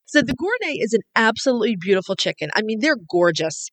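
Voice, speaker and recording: A woman co-hosting a casual podcast, explaining what she found in her research in an even, informative way. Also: fairly high pitch, fast talker. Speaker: podcast co-host. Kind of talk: casual chat.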